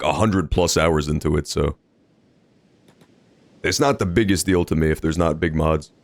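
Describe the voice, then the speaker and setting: Wildly animated male game streamer. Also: on the low side, dry recording. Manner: animated, jokey, talks to game characters. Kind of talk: casual gameplay commentary.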